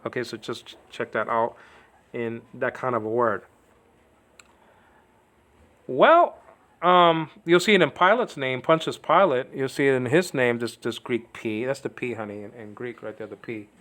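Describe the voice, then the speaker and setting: A man's voice: medium pitch, expressive, normal speed, a bit bright. Home-lesson teacher, male, digressive, keeps asking "okay?". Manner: rambling, digressive, says "okay?" often. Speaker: Greek teacher. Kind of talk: informal home video lesson.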